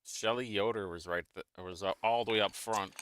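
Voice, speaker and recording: A man's voice: on the low side, fairly even intonation, a little fast, a bit bright, smooth. A man hosting a casual live watch-along stream, talking in a chatty, mocking, rambling way.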